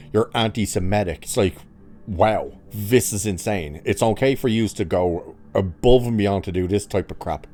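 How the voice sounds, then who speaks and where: Male host, low-pitched, sarcastic angry rant to camera. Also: warm tone. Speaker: commentary channel host. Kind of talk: ranting commentary monologue.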